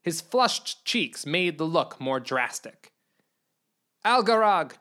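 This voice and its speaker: A narrator reading a comic storybook tale in an expressive, even way. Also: medium pitch, slow.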